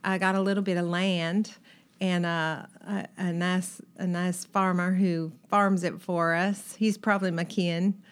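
A woman putting on an Arkansas accent, imitating how her relatives talk in a slow, homey drawl. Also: lowish voice, little pitch movement, smooth, close to an everyday voice. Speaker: podcast host doing an impression of her relatives.

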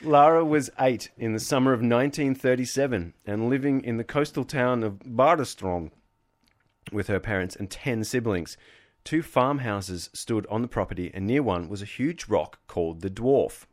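A man hosting a comedic podcast, reading a folklore story aloud in an even tone and breaking off to joke. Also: mid-range voice, normal speed. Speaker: podcast host.

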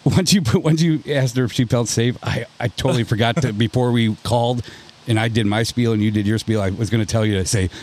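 A man's voice: medium pitch, brisk, a little mellow. A man hosting a casual podcast, swearing and laughing as he tells stories with friends. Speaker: podcast host. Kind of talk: casual banter. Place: outdoors at a ranch.

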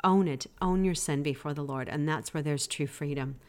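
Woman, low voice, podcast host, devotional teaching, earnest, gently exhorting. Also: normal speed.

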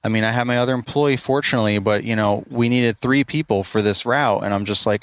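A middle-aged man recounts a story in loose, conversational speech, circling back and restarting his sentences as he goes. His voice sits at an ordinary male pitch, and the recording is dry and close, with no room sound. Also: a little fast, a bit bright, no room sound. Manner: rambling, conversational, restarts phrases often. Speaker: lawn care business owner. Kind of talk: casual storytelling monologue.

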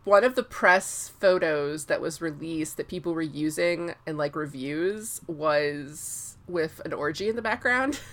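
A woman co-hosting a podcast, chatting casually about a book, giggling and slipping into quick character asides. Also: deep voice, fairly bright tone. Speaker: podcast co-host.

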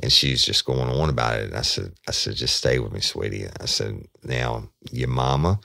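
A man's voice: extremely low pitch, normal speed, gravelly, bright, forceful tone, no room sound, studio quality. A man, a former detective, telling a true crime story in a folksy way and replaying the dialogue line by line. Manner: folksy, retells dialogue with repeated "I said".

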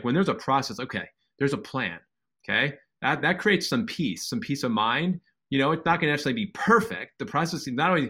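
A man with a bright, forceful tone shares his own experience on a podcast. He talks in an earnest, reflective way and repeats words for emphasis. The feel is casual and open. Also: medium pitch, breathy edge. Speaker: podcast co-host, chiropractor. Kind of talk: conversational podcast discussion.

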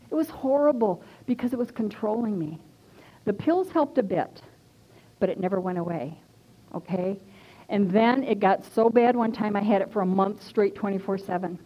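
A woman minister giving a personal testimony in a sermon, earnest and conversational, stressing points by repeating them. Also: mid-range voice. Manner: earnest and conversational, emphatic repetition. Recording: dull lo-fi recording.

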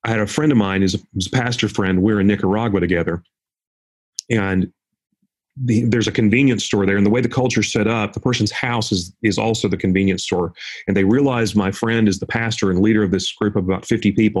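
A man with a low, husky voice talks as a guest on an interview show. he is confident and animated, and he explains his points through stories, like a trainer speaking to a room. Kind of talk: conversational interview storytelling.

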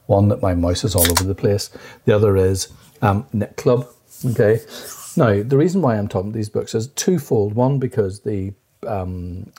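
This podcast co-host has a warm, husky voice on the low side. His casual chat wanders, and he seems distracted, frequently restarting sentences.

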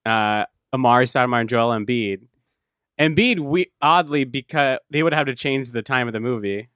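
A man's voice: mid-range voice, moderate pace, a bit bright, no room sound, clean studio sound. A man co-hosting a casual podcast chat, rambling with lots of fillers and restarts and laughing often as he talks. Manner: laughs often while talking. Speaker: podcast co-host.

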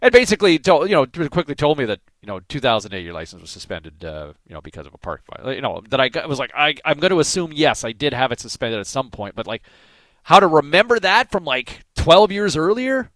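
A man's voice: fairly high pitch, very animated, fast, a bit bright, dry recording. A Canadian man hosting a morning radio show, telling a story in a rambling casual way and growing more worked up as he goes. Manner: rambling, with many fillers and restarts, gets worked up.

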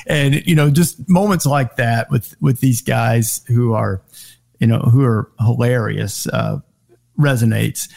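A man's voice: unhurried, creaky. A middle-aged man telling sports TV anecdotes in casual chat, acting out quoted lines in a raised voice. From Alabama. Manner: animated anecdotes, acts out quotes in high voices. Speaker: guest, sports TV host. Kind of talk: casual storytelling.

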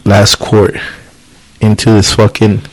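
A man's voice: lowish voice, completely flat delivery, takes it slowly, no room sound, rough recording. A young man co-hosting a podcast, telling a casual, profane story and acting out the quotes. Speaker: podcast co-host. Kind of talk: casual chat.

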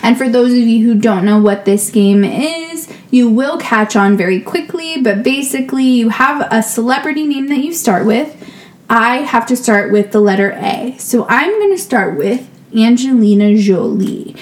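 A woman's voice: a little high, lively intonation, normal speed. A young woman co-hosting a podcast, tipsy, crude and giggly, swearing freely in casual chat. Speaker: podcast co-host.

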